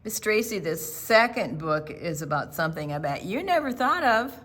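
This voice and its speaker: Animated older woman reading a picture book. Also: lowish voice. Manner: slow, animated read-aloud. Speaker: storytime reader.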